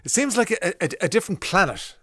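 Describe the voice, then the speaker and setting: Irish radio presenter, a man with a fairly high voice, dry studio sound, chatty delivery. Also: very animated, fairly quick, bright, forceful tone, husky, dry recording. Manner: chatty, reads out listener messages. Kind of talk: casual radio chat. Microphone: studio mic.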